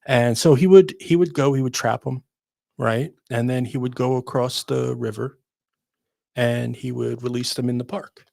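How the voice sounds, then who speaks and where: A radio show co-host telling a funny story in a rambling, animated way, full of restarts and fillers. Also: mid-range voice, normal speed, creaky, no echo.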